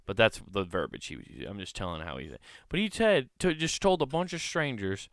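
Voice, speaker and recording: A man's voice: on the low side, very animated, brisk, fairly bright tone, no room sound, studio quality. A man hosting a comedy podcast, telling a rambling, profane, incredulous story in a casual monologue.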